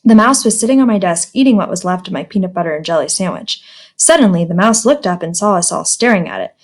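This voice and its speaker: A woman's voice: fairly low pitch, animated, quick pace. A woman teacher reading a children's storybook aloud in a friendly, plain manner.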